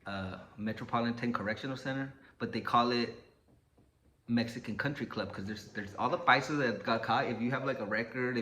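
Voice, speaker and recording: A man spins a story in loose, slangy talk, swearing freely. His voice is bright and forward, with faint noise behind it. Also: mid-range voice. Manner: profane, slangy. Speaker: channel host. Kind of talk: casual storytelling.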